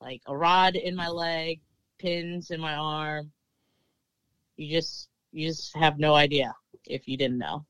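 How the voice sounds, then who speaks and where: A woman's voice: deep voice, fairly even intonation, takes it slowly, fairly bright tone, clean tone, dry recording, poor audio. A woman with a Southern US accent chats as a podcast guest. She talks loosely, with plenty of "um" and "you know", and laughs often. The sound is close and dry, with no room around it. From Maryland. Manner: chatty, laughs often, lots of fillers. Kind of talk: casual interview chat.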